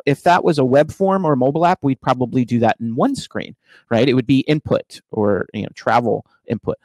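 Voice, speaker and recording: A man's voice: medium pitch, no room sound, poor audio. A man giving a casual, explanatory tech talk from his home office, with frequent fillers and restarts. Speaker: conference speaker.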